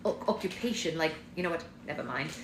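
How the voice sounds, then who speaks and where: A woman's voice: low-pitched, expressive, quick pace, reverberant, a little hiss or hum, poor audio. A woman voicing a prim, flustered young male European prince in a read-aloud of her novel. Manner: indignant, prim.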